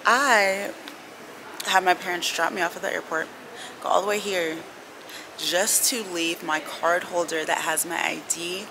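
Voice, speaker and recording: A woman's voice: lowish voice, steady tone, a little slow. A young woman vlogging to camera in an airport terminal, rambling and slangy in a casual chat. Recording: noisy public terminal. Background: airport announcements and bustle.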